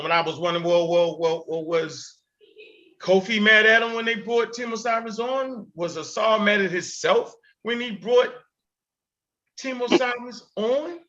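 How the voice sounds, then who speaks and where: A man hosting a show, giving heated commentary in an animated, emphatic and profane way, often repeating himself. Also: sits high, unhurried. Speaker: host. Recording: dull lo-fi recording.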